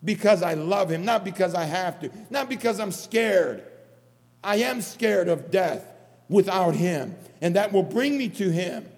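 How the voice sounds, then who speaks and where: A man's voice: sits high, expressive, unhurried, darkish tone. A man preaching an earnest sermon, repeating phrases for emphasis. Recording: long hall reverb.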